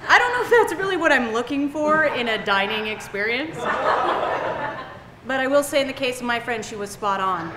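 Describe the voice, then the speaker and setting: A woman doing a stand-up comedy set on a club stage in an animated, self-mocking way, acting out scenes. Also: high-pitched, normal speed. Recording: echoey club room, faint hum.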